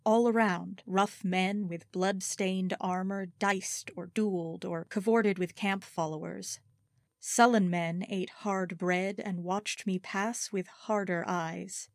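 Slow, expressive woman narrating a story. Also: medium pitch, dry recording, studio quality. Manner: measured, expressive first-person reading. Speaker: audiobook narrator.

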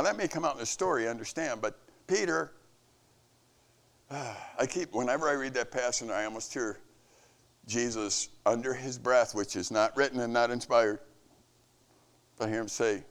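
Addressing the camp staff, a male camp leader preaches with sincerity, delivering a devotional message whose emphasis swells and falls in pitch.

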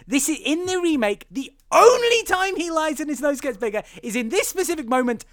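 A man co-hosting a casual film podcast, talking in an animated way with loud emphatic outbursts and some swearing. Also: very high voice, fairly quick, no room sound, studio quality. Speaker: podcast co-host. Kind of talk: casual film review chat.

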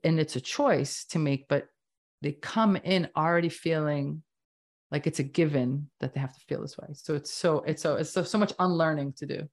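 Low-voiced emphatic woman in her fifties. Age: 50s. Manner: emphatic, animated, quick bursts. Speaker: doctor guest. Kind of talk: casual interview talk.

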